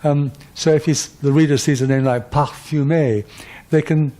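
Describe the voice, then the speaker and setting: A man's voice: on the high side, fairly even intonation, moderate pace, mellow. An older man giving a chatty, digressive public lecture, full of asides and you-knows.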